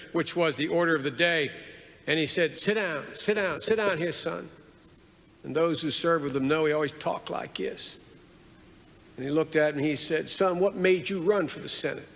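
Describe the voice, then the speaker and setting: Gravelly man giving an earnest eulogy. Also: on the high side, sharp tone. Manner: earnest, builds with repeated phrases. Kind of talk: formal eulogy speech. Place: large funeral hall. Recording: long hall reverb, faint noise.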